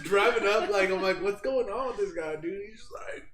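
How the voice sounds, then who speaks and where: A man's voice: high voice, fairly quick, crowd noise. A man hosting a podcast, telling profane stories in casual chat and acting out the quotes. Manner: profane storytelling with acted-out quotes. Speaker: podcast host. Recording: echoey room.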